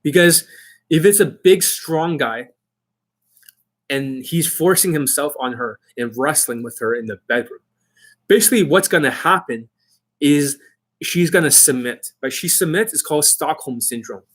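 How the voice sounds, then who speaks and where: A man's voice: fairly high pitch, expressive, moderate pace. A man speaking as a dating coach in a blunt, emphatic lecturing monologue. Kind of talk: instructional monologue.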